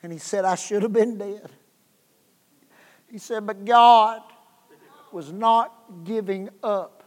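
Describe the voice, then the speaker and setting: Man, revival preacher, slow-paced, hushed then loud storytelling, long church reverb. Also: sits high. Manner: swings from hushed to shouted, repeats words. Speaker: guest preacher. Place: church sanctuary.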